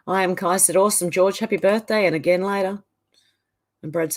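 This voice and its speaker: A woman's voice: fairly low pitch, fairly even intonation, brisk. Chatty Australian woman livestreamer. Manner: chatty, trails off and restarts mid-sentence. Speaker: livestream host. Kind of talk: casual chat reading out live comments.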